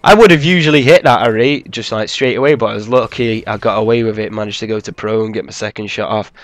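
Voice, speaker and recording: Over gameplay footage, a man with a lowish voice talks fast in rambling, casual commentary, cursing freely and plugging gaps with "man" and "I don't know." He sounds laid-back, and there's no echo on the recording.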